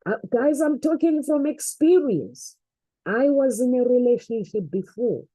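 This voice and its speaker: A woman's voice: a little high, animated, a little slow, warm tone, no echo, low-quality recording. A woman giving an earnest, faith-based motivational talk, repeating phrases for emphasis. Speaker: motivational speaker.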